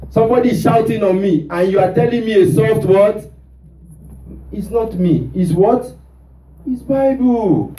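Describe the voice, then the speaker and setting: High-voiced preacher calling to his congregation. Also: animated, measured pace, dark tone, recorded from a distance, slight background noise. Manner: call-and-response preaching, rhetorical "what?" prompts. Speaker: pastor. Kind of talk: sermon. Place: church. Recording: roomy church sound from off mic.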